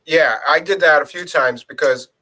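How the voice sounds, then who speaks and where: A man with a bright, forceful voice telling stories in a casual chat. He sits a little high in pitch and acts out the lines he quotes as he goes. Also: normal speed, rough recording. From Philadelphia area. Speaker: co-host.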